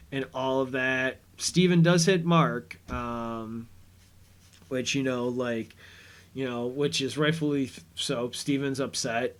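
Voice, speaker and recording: Male podcast host, unhurried rambling recap, mid-pitched everyday voice. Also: steady tone, fairly bright tone, smooth. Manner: rambling, retells scenes with paraphrased quotes. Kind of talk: casual episode recap commentary.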